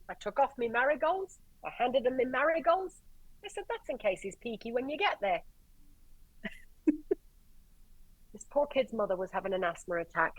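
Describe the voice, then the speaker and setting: An Irish woman, a paramedic guest, telling stories in a lively way, swearing and acting out the dialogue. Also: fairly high pitch, moderate pace, long pauses, no echo, rough recording. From Ireland. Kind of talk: animated storytelling in conversation.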